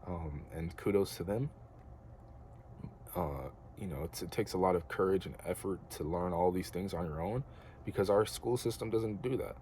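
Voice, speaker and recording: Young man, deep mellow voice, earnest and rambling casual monologue, faint room hiss. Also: normal speed. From United States. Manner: earnest, rambling, slangy with filler words. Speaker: vlogger.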